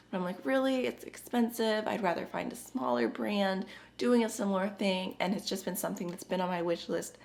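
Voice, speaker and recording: A woman beauty vlogger chatting casually to camera, her voice raspy and hoarse from a chest infection, chatty and upbeat. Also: lowish voice.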